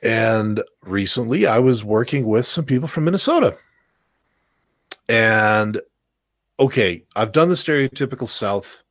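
A man's voice: lowish voice, animated, unhurried, a bit bright, no room sound, studio quality. A man raised in the American South, telling stories on a casual livestream chat, with a lot of stammered restarts.

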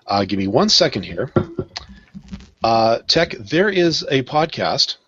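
Animated chatty podcast co-host man. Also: medium pitch, slow pace, muffled recording, background noise. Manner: chatty, self-deprecating, animated. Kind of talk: casual podcast chat.

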